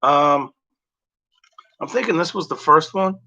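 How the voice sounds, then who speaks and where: A man's voice: on the high side, unhurried, pushed and bright. A man chatting casually in a meandering way, full of "like" and "you know" and correcting himself as he goes. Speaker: vlogger. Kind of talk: casual rambling chat. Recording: dull lo-fi home recording.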